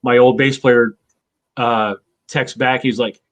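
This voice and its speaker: A man's voice: medium pitch, steady tone, slow, lo-fi sound. A man in his fifties, hosting a casual chat, rambling with lots of fillers and swearing. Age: 50s. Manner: rambling, profane, with many fillers. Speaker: show host.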